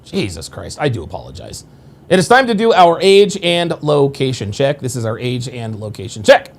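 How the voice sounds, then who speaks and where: A man's voice: mid-range voice, big pitch swings, moderate pace. A man in his forties hosting a casual livestream, rambling and repeating himself with crude, profane asides to his viewers. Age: 40s. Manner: addresses viewers directly. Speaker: livestream host.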